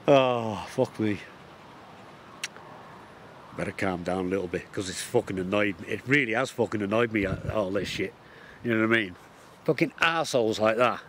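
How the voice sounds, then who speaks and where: Outdoors in the countryside, a man vlogs a heated, blunt rant straight to camera, swearing constantly throughout this profane, angry tirade. His voice is medium-pitched, with a slight hiss or hum in the audio.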